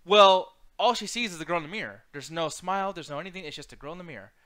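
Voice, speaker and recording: A man co-hosting a casual movie chat, ranting with lots of profanity and animated complaints. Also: sits high, fast. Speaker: podcast co-host.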